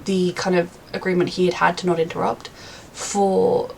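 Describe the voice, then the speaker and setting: A woman's voice: lowish voice, little pitch movement, moderate pace, vocal fry, a little hiss or hum. A young woman reviewing a TV episode in a chatty, rambling way, with many fillers. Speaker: TV reaction reviewer. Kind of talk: casual reaction review.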